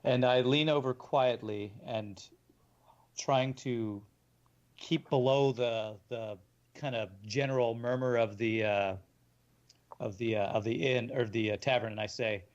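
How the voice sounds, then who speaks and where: A man playing a character in a tabletop role-playing game, speaking carefully and deliberately. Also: mid-range voice, fairly even intonation, dull audio. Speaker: player.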